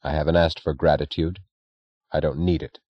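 A man's voice: rumbling low, steady tone, moderate pace, no echo. A man voicing a hard, terse male industrialist who speaks in a clipped, contemptuous way, in an audiobook reading. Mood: curt. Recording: dry, dull lo-fi recording.

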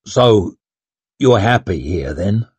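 A man's voice: lowish voice, lively intonation, slow, a little mellow, slightly rough, no echo, muffled recording, voice pushed down, full character voice. A man voicing a weary older working man in an audiobook, plain and clipped. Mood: uneasy.

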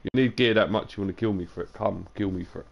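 A young man with a low, gravelly voice rambles casually to his live stream audience. He is tired and talks loose and sweary between bits of gameplay. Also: quick pace, lo-fi sound. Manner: loose, sweary banter to chat, drifting into sing-song and whispers. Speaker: game streamer.

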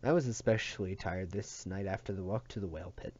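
Low, mellow man reading a novel aloud. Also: brisk, slightly rough, highs cut off. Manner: plain reading with slips and restarts. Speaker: audiobook reader.

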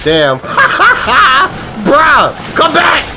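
A man chatters through his game, cracking slang and shouting when things jump at him. His pitch swings wildly between mutters and yells. Game music plays under him. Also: drawn-out words. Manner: excitable, loud reactions, slangy banter. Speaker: gaming YouTuber. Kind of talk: casual let's-play commentary.

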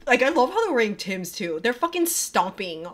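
A woman streamer reacting live in a casual, excitable way, swearing a lot and filling her talk with "like". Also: a little high, moderate pace, a little hiss or hum. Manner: gushing and excitable, swears a lot, full of "like" fillers. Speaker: streamer reacting to a music video. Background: music from the video playing.

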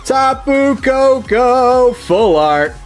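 A man's voice: very high-pitched, lively intonation, extremely slow, music in the background. A man co-hosting a casual card-opening chat, playful and joking, gasping at good pulls. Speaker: co-host opening trading cards.

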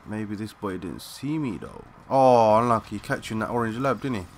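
Excitable young man narrating his gameplay. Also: on the low side, normal speed, slight background noise. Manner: excitable, swears, talks to teammates in slang. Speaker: gaming channel host. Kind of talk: live gameplay commentary.

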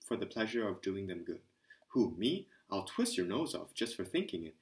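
A man voicing a hearty, impatient young man who lectures and scolds loudly. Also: low voice, sing-song, normal speed. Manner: blustering, hectoring.

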